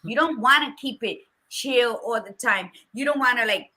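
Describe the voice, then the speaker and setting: A woman's voice: fairly high pitch, normal speed, sharp tone. A woman co-hosting a podcast, giving blunt, profane motivational talk in a casual chat. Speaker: podcast co-host.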